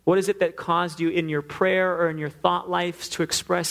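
A man's voice: high-pitched, flat delivery, normal speed, creaky, a bit bright. Earnest man preaching a sermon. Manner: earnest, acts out quoted pleas. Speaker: pastor.

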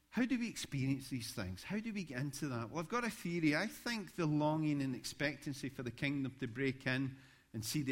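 A man, a pastor preaching a sermon, telling stories with rising animation. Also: mid-range voice. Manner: storytelling, animated when recounting events.

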